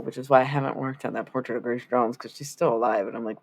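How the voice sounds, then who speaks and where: A woman's voice: extremely low pitch, flat delivery, rapid-fire, few pauses. A woman chatting casually on a live stream as she paints, rambling and swearing freely in asides to her viewers.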